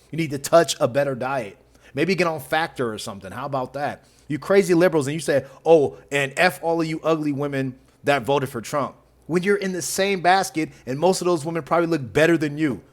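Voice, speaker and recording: A man hosting a reaction video who mocks the clips with sarcasm and frequent laughter. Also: on the high side. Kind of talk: reaction commentary.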